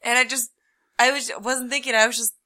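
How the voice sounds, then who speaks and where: Bright, teasing woman co-host. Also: fairly high pitch, fairly even intonation. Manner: teasing, quick laughs, dry asides. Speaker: podcast co-host, barista. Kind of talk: casual chat.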